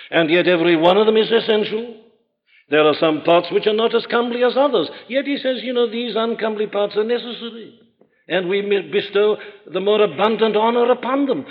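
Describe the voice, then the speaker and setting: A man preaching a sermon in an emphatic, rhetorical manner, rising to forceful peaks. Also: on the high side. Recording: dull old recording in a large reverberant hall.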